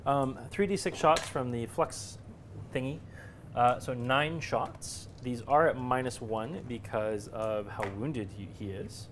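A man's voice: mid-range voice, slow, fairly bright tone, a little hiss or hum. A man playing in a live tabletop wargame stream, thinking aloud as he tallies shots, hits and damage with many small hesitations. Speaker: guest player. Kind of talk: casual play-by-play of a tabletop wargame.

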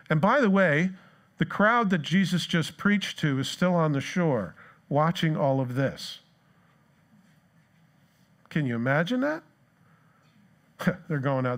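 Man, pastor, sermon in church, fairly high voice, animated storyteller. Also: takes it slowly, pauses often.

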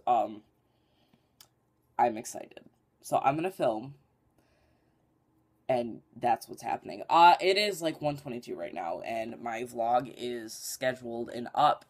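Rambling young vlogger full of "like"s. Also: mid-range voice. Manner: rambling, filler-heavy, says "like" and "literally" a lot. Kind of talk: casual daily vlog chat.

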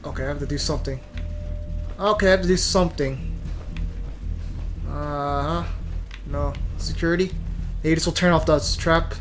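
Bright-voiced young man muttering game commentary. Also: fairly high pitch, fairly even intonation, normal speed, pauses often, faint music behind. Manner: mutters to himself and curses often. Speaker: gamer. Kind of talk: let's play commentary.

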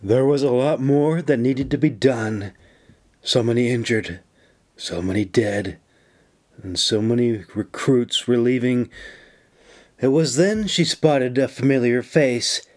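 A man narrating an audiobook in a measured, unhurried way. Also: mid-range voice, darkish tone. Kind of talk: scripted narration.

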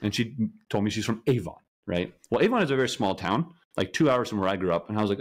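A young man from Colorado, a guest telling how he met his wife in an animated, casual way, often checking in with "okay?". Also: fairly low pitch, fast, few pauses. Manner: animated, keeps asking "okay?". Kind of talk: casual storytelling.

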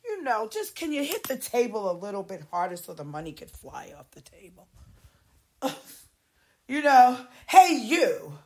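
A woman's voice: a little high, normal speed. Foul-mouthed woman ranting on a podcast. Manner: heavy cursing, animated, mimics others in raised voice. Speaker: podcast host. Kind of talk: profane rambling monologue.

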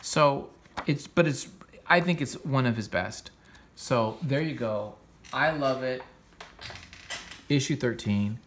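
A man's voice: medium pitch, takes it slowly, long pauses, fairly bright tone, a little hiss or hum. A man hosting a comics show, casually retelling a comic book story in a rambling, enthusiastic way with frequent restarts.

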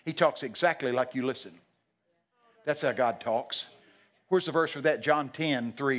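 An older man with a Texan accent preaches in a homespun, folksy way. He tells stories and quotes scripture, and breaks now and then into loud, emphatic exclamations. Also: mid-range voice, measured pace, pauses often. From Texas. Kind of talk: sermon.

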